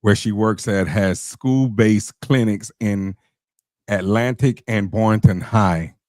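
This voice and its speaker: A man co-hosting a podcast, passing along a listener's message in a steady, plain way. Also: lowish voice, slow, no echo, clean studio sound. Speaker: podcast co-host. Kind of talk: casual interview talk.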